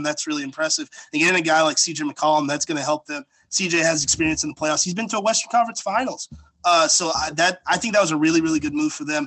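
A young man co-hosting a sports podcast, rambling excitedly in casual chat with lots of fillers. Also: high-pitched, slightly rough, low-quality recording.

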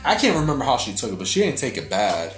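A young man chats casually, telling a story full of swearing and "like" fillers, and gets animated as he goes. He sounds mid-pitched and roomy, with a little music playing faintly in the background. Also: quick pace. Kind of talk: casual chat. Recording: echoey room with loud music behind.

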